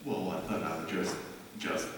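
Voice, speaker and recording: A young stage actor playing a shy, gentle older farmer who speaks hesitantly, stammering. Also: male voice, sits low, steady tone, moderate pace, a little hiss or hum. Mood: timid. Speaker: student actor. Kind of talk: school musical stage acting. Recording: echoey hall from far off, loud music.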